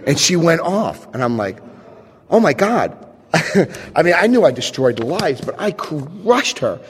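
A man telling his own story to an audience, animated and self-mocking, jumping into high yelps when he acts out his past self. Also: a little slow, slight background noise. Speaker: speaker sharing a recovery story. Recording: long hall reverb.

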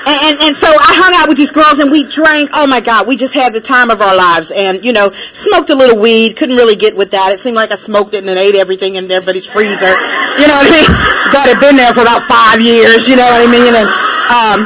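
A woman speaker telling her own recovery story in a lively, laughing way, with many fillers. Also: a little high, fast. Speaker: traveling speaker. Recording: noisy recording.

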